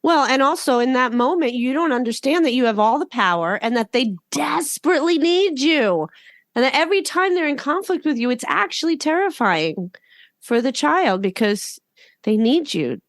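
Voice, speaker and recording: A woman's voice: sits high, expressive, normal speed, no echo, clean studio sound. A woman co-hosting a podcast, eagerly jumping in with follow-up questions and her own views. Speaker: podcast co-host. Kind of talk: casual interview chat.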